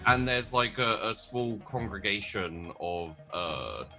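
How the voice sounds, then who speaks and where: A man's voice: lowish voice, very animated, takes it slowly, bright, forceful tone, soft background music. A man running a tabletop game as game master, describing scenes with many stops and restarts.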